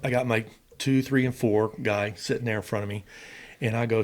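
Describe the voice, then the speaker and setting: A man's voice: fairly low pitch, fairly quick. A middle-aged man, a former fighter pilot, telling stories in an interview and acting out what people said. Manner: animated, acts out quotes with emphasis. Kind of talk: storytelling interview.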